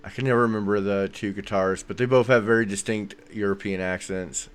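A man's voice: fairly low pitch, fairly even intonation, fairly quick, clean tone. A man hosting a podcast, chatting in a rambling, enthusiastic way with lots of fillers. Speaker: podcast host. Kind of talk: casual chat.

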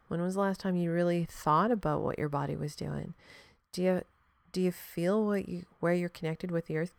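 A woman hosts a podcast in a loose, reflective monologue, talking frankly and straight to the listener. She swears freely and laughs often. Her voice sits fairly low, and the sound is dry and close. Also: no echo. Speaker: podcast host.

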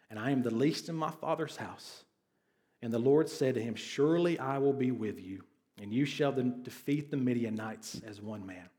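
A man's voice: mid-range voice, darkish tone. A male pastor preaching a conversational sermon who reads scripture and keeps asking his congregation questions. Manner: conversational, asks the congregation questions, sarcastic asides.

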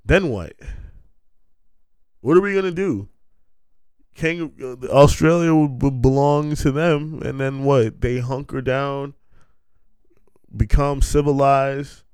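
Guy rambling on his podcast, slow and crisp, dry close sound, swears a lot, cracks himself up. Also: medium pitch, dry recording. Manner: animated, profane, riffing with laughs. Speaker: podcast host. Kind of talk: rambling comic monologue.

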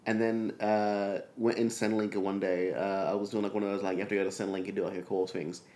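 A man's voice: lowish voice, fast talker. A young man from Australia co-hosting a comedy podcast, telling rambling stories with lots of swearing. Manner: rambling, swearing, animated storytelling. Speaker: podcast co-host. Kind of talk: casual comedic banter.

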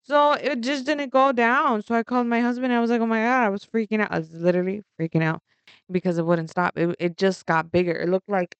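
A young woman telling a story in a casual vlog, animated and rambling, laughing often and swearing freely. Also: medium pitch, fast, smooth, dry recording.

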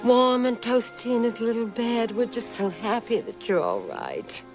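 A woman's voice: a little high, sing-song, normal speed. An actress playing a fussy, sweet mother in a musical film, talking in a gushing, cooing way. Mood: doting. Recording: film clip with music behind.

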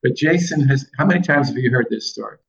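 A man telling a long anecdote on a talk show, animated, quoting people with restarts along the way. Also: mid-range voice, quick pace, creaky, muffled recording, a little hiss or hum. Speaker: guest storyteller, former baseball coach. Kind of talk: casual storytelling on a talk show.

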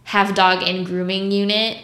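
Speaking at a measured pace with little pitch movement, this woman has a medium, fairly bright voice. She works as a mobile dog groomer and chats through stories casually and bluntly, cursing and imitating other people. Roomy echo is audible.

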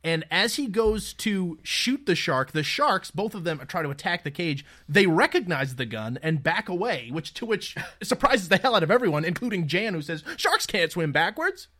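A man's voice: high-pitched, expressive, moderate pace, hardly any pauses, fairly bright tone. A man co-hosting a casual movie recap podcast, laughing often, swearing and calling his friends dude. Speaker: podcast co-host.

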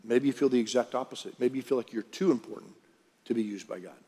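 A man's voice: mid-range voice, fast talker, dark tone, breathy edge. Man preaching in a reverberant hall. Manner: conversational preaching, asks the room questions. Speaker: pastor. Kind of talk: sermon. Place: large church auditorium. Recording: reverberant hall with faint music.

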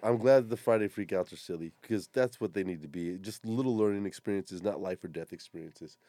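A man's voice: fairly low pitch, darkish tone, no echo. A man hosting a casual podcast, swearing freely and bluntly tearing apart skydiving videos. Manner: blunt, swears a lot, exasperated critique. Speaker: podcast host. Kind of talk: casual profane chat and video commentary.

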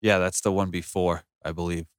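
Blunt, profane low-voiced man. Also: flat delivery, a little fast, clean tone, dry recording, clean studio sound. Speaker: podcast co-host. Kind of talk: casual crude chat. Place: small room with two others.

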